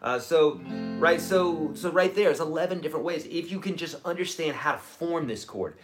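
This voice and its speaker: A man's voice: on the high side, moderate pace. A man in his forties, a guitar teacher giving a casual, encouraging livestream lesson with chatty, self-deprecating asides. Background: guitar playing.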